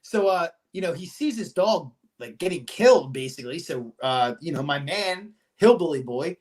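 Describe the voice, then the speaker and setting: A man hosting a podcast, retelling an episode in casual chat with an animated, profane, storytelling manner. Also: fairly high pitch, moderate pace. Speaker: podcast host.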